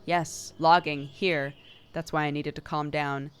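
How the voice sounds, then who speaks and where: A woman voicing a calm, bitter man who is a forest-loving mystic, reading game dialogue aloud slowly and evenly. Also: low-pitched. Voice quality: calm and measured.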